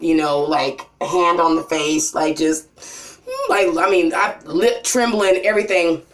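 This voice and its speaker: A woman telling a personal story in a rambling, emotional vlog, full of "you know" and "like". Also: fairly bright tone. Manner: voice drops low and cries near the end. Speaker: vlogger.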